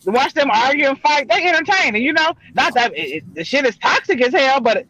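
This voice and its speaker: A middle-aged woman with a very high voice that swings widely, chatting on a live panel. She talks in an animated, slangy way, full of exclamations. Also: brisk, poor audio. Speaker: panel host. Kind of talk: casual chat on a live panel.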